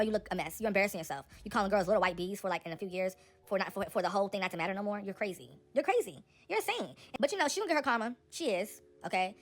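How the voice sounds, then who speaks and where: A woman runs a celebrity gossip show, speaking fast and high with a lively, swooping pitch. She is sassy and opinionated, addressing viewers directly in casual commentary, with faint music underneath.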